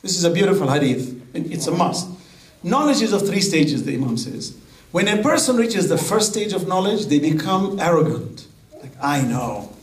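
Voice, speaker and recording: A man's voice: sits high, expressive, normal speed. A man preaching a sermon, mixing Arabic quotations into his English. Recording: echoey hall.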